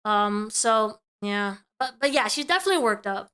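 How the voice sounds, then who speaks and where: A woman streamer giving live reaction commentary, animated and quick to repeat herself when she gets worked up. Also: mid-range voice, clear, resonant tone.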